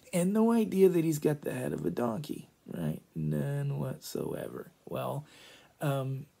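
A man retelling a play for a class in an animated, chatty way, full of asides. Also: on the high side, gravelly, breathy edge. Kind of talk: lively story retelling.

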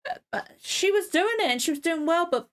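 Reaction host: woman, high lively voice, excitable, emotional, freely profane. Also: fairly quick. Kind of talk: casual reaction commentary.

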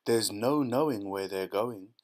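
A wildly eccentric chocolate-maker in a storybook reading, bursting with glee as he chants rhyming lines and shouts at his crew, as a man puts him on. His voice jumps up high and loud when he is excited. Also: a little slow, close to an everyday voice. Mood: gleeful. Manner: gleeful, shouting, sing-song rhyming.

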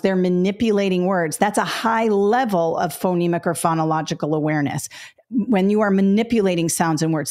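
A middle-aged woman with a mid-range, slightly mellow voice teaches a test-prep webinar lesson. She explains things step by step, corrects herself, and speaks directly to viewers, her throat a little dry.

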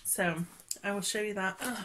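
With a mid-range voice at normal speed and some background noise, a woman casually shows her stitching projects in a cross-stitch vlog. Her talk meanders, packed with fillers, and she laughs a lot.

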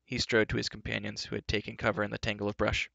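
A man reads a story aloud with a low, gravelly voice in a steady, even manner. The sound is dry and close with a dull, lo-fi quality. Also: quick pace, dry recording. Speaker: narrator. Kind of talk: live storybook reading.

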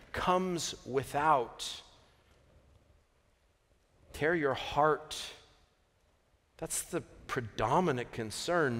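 A man preaching a sermon, earnest and unhurried, moving from quiet reflection to emphatic peaks with joking asides. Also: on the high side. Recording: long hall reverb.

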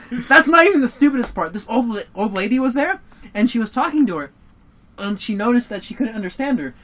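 A young adult casually telling a story and commentating a game with friends. This person laughs often, swears freely and gets excitable. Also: mid-range voice, brisk. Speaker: let's-play commentator. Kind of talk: casual gaming chat and storytelling.

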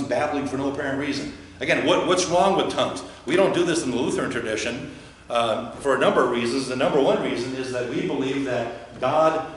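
A man's voice: mid-range voice, a little hiss or hum. A male pastor giving a chatty, joking sermon, often putting questions to the listeners. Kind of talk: conversational sermon. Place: church. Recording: very echoey church.

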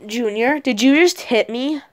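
A nagging, scolding wizard caretaker, as a woman puts him on in a homemade toy skit. He lectures in a somewhat high voice and drags his words out slowly. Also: noisy background, natural voice.

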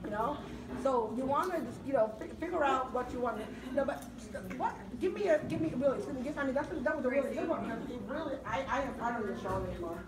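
A woman chef giving a product demonstration, telling stories to a live audience in an animated way, laughing through her lines and often checking in with "okay?". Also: sits high, fast talker. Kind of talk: lively storytelling to a live audience. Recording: echoey room, distant mic, loud crowd and noise.

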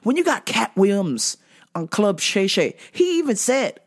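In a slightly rough, mid-range voice and a little slowly, a female podcast host delivers a laid-back solo monologue. She rants with lots of swearing and tells her stories in a lively, animated way.

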